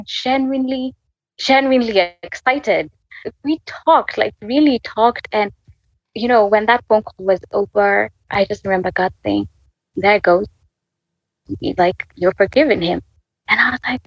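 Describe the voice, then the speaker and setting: A woman in her twenties telling an emotional faith story as a podcast guest. She speaks haltingly, restarts often, and laughs through tears. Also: mid-range voice, no echo, dull audio. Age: 20s. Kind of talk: emotional personal testimony.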